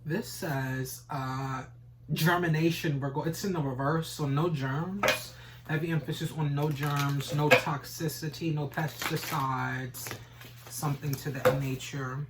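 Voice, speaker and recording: A man's voice: a little high, fairly even intonation, measured pace, heavy background noise. A man giving a casual tarot reading, rambling and repeating stock phrases, swearing now and then. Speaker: tarot reader.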